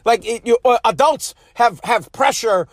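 High-pitched, profane man ranting. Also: moderate pace, dry recording, clean studio sound. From United States. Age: adult. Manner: profane, blunt, heated. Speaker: speaker telling a personal story. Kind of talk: ranting monologue.

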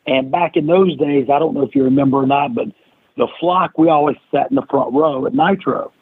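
A guest on an interview podcast, this man tells a long story with animation, acting out the quoted lines of the people in it. His voice is fairly high, fairly quick, and breathy-edged, heard over a dry, tinny, phone-like line.

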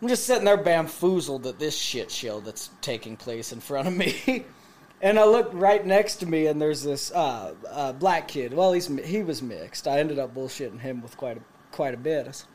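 A man's voice: a little high, moderate pace. Profane, laughing storyteller man. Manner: profane, animated, laughs through his stories. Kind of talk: casual storytelling among friends.

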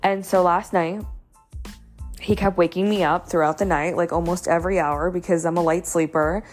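A woman's voice: on the low side, steady tone, moderate pace, soft background music. A young woman telling a dating story in a chatty, casual way, full of "you know" and "like".

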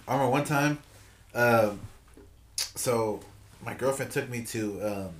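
A man's voice: mid-range voice, a little slow, crowd noise. A man, co-hosting a podcast and telling a loose, profane story among friends. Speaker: podcast co-host. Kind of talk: casual chat, storytelling. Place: room with friends.

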